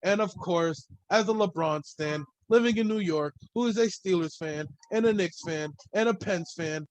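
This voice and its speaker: A man's voice: high-pitched, normal speed, no echo, low-quality recording. A man hosting a solo sports podcast, talking in a loose, rambling way and swearing freely. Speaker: podcast host.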